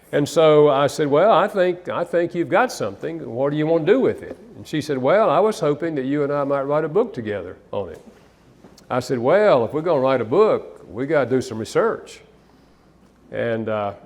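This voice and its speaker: Older man telling stories. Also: mid-range voice. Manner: animated storyteller, acts out quotes. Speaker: speaker and author. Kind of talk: storytelling talk.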